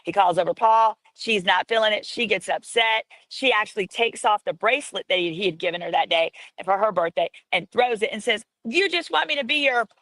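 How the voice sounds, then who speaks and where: A woman's voice: medium pitch, brisk, few pauses, a bit bright, rough recording. A woman chattily recounting a gossip story in a casual tone.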